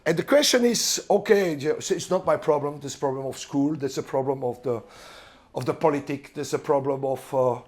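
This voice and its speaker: A middle-aged man with a French accent, a volleyball coach lecturing other coaches, halting and searching for words with many fillers. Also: mid-range voice. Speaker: volleyball coach giving a seminar talk.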